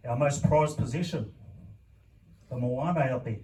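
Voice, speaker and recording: A man with a New Zealand accent giving a deliberate speech as a council candidate, often checking in with "okay?". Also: mid-range voice, dark tone. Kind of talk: public meeting speech. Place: club hall at a public meeting. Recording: distant mic with faint noise.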